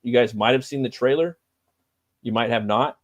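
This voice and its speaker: A middle-aged man hosts a casual live stream, speaking at medium pitch and a moderate pace. His chat is loose and profane, packed with fillers, and the recording is dry.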